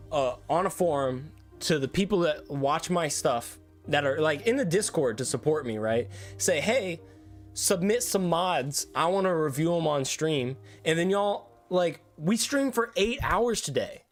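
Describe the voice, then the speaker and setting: Effusive young male streamer, raised pitch. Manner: effusive, thankful, rambling with restarts. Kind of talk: casual livestream sign-off chat. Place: his room at home.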